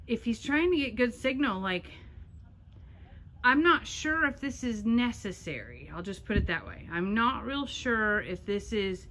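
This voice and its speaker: On her farm outdoors, a Texan-accented woman vlogs casually to the camera, teasing and chatting with her animals. Her voice sits at medium pitch with a fairly bright tone, and there's a little hiss or hum.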